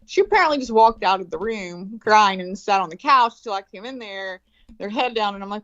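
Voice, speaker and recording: A woman, telling a story in a casual chat, animated and swearing freely, acting out quoted voices. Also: medium pitch, fairly quick, dry recording. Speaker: guest. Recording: dull lo-fi call audio.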